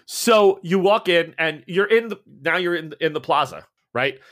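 A man's voice: a little high, animated, moderate pace, a bit bright. A man narrating a tabletop horror game as game master, casual and rambling, laughing often.

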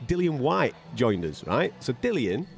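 A man's voice: medium pitch, vocal fry, soft background music. A man telling boxing stories on a podcast in a casual way, swearing freely and mimicking the people in them. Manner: animated and fast-talking. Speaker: podcast co-host, boxing radio commentator. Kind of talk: casual storytelling chat.

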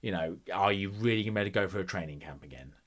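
A man's voice: deep voice, very fast, a bit bright. A man co-hosting a casual boxing podcast, opinionated and swearing freely as he rants. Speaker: podcast co-host.

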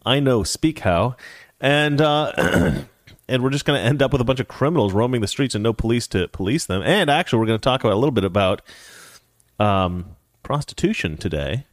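A sarcastic male host rants through casual livestream commentary. His pitch swings up and down as he talks, and the sound is dry and close. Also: expressive, fairly quick, no room sound. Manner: sarcastic, ranting.

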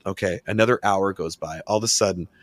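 A man telling a long story in casual chat, swearing often and acting out the people in it with loud voices. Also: low-pitched, fast talker, no echo, clean studio sound. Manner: profane, animated, acts out quotes loudly. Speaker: podcast guest telling a story.

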